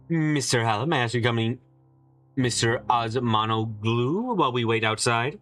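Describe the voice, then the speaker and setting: A man playing a mystery game, reading the characters' lines aloud and giving several of them higher put-on voices. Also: lively intonation, normal speed, a bit bright, faint music behind. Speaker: let's play streamer.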